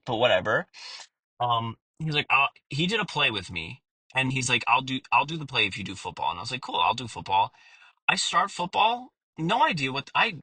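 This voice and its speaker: A man's voice: medium pitch, pushed and bright, slightly rough, dry recording, rough recording. A man in his thirties hosting a podcast, talking in a candid personal monologue, blunt and earnest with plenty of swearing and fillers. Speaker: podcast host.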